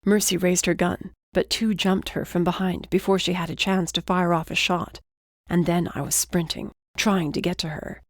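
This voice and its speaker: This is scripted audiobook narration from a woman with a fairly low voice, delivered at an even, measured pace. The recording is studio quality with no room sound at all.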